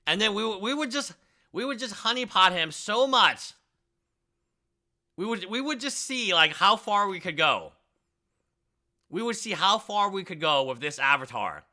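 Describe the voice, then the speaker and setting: A man hosting a casual live stream, talking in excitable, rambling, jokey bursts. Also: high-pitched, unhurried, long pauses.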